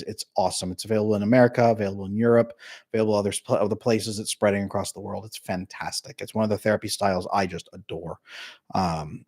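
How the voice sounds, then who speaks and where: A man coaching on a livestream in a casual, chatty way, talking straight to viewers and acting out little scenes. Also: fairly low pitch. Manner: animated, acts out little scenes in voices. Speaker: attachment coach.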